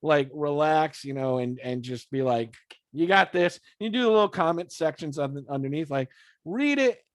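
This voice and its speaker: A man's voice: fairly high pitch, normal speed, no echo. A man interviewing a band in casual chat, swearing freely, laughing often and acting out scenes in quoted voices. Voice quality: swears freely, animated storytelling. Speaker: podcast interviewer.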